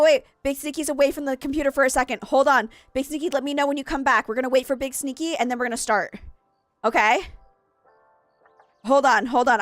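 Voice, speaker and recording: A young woman with a slightly high voice chats casually on a live stream, excitable and quick to giggle when she gets flustered. Her voice sits dry and close on the mic, with faint game music underneath. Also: dry recording. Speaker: streamer hosting a game party.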